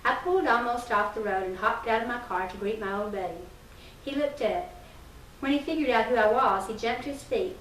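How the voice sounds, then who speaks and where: Woman reader, story reading, fairly high voice, distant room mic, faint hiss. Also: a little fast, fairly bright tone. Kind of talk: reading a first-person humorous story aloud. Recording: roomy distant early-1990s recording with faint hiss.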